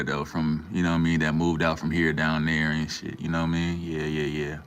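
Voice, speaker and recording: Very deep-voiced laid-back man. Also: flat delivery, a little fast, few pauses, fairly bright tone. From Minnesota, USA. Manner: laid-back, slangy, greets chatters by name. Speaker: livestream host. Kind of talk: casual livestream chat with viewers.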